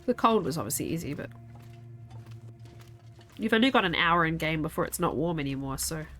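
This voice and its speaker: A woman's voice: deep voice, animated, fairly quick, a bit bright, faint music behind. Young woman game streamer, tired and yawny, just chatting and rambling to chat. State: sleepy, yawning. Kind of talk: casual gameplay chat.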